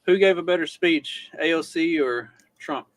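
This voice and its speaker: A man hosting a casual podcast and running clips, with wry deadpan asides. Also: a little high, moderate pace, dry recording, rough recording. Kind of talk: casual chat.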